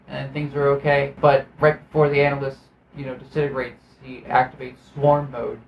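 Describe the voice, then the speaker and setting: A man's voice: mid-range voice, highs cut off, a little hiss or hum. Sarcastic, swearing man ranting about a film. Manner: sarcastic, profane, exasperated; rambling with frequent restarts. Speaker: video host reviewing a film. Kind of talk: casual rambling movie recap.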